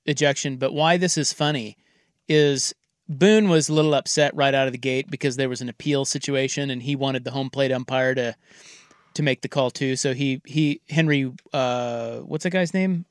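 A man hosting a casual sports talk show, telling stories in a relaxed way and laughing easily. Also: mid-range voice, normal speed, clean tone, dry recording, clean studio sound.

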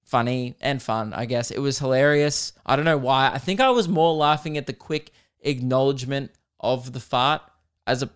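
A young man rambles crudely through a story on his own podcast and pokes fun at himself as he goes. His voice sits at a middle pitch and comes across smooth and resonant. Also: moderate pace. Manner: rambling, crude and self-mocking. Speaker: podcast host. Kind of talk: casual solo podcast storytelling.

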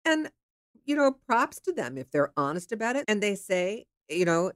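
A woman's voice: fairly high pitch, huge pitch swings, normal speed, dry recording, clean studio sound. A woman from the Pittsburgh area candidly telling a personal dating story in a frank, chatty way, with the odd swear. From Pittsburgh area, USA. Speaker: storyteller sharing her dating life.

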